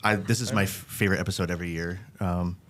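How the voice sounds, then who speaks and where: A man's voice: deep voice, fairly even intonation, quick pace, a bit bright. A man hosting a casual podcast chat, joking and laughing often. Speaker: podcast host.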